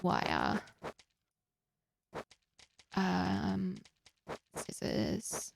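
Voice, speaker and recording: Female streamer, chatty and direct with viewers, voice with a fry edge. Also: medium pitch, wildly swooping pitch, drawn-out words, a little hiss or hum. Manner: chatty, talks straight to viewers. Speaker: live streamer. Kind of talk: casual gaming stream chat.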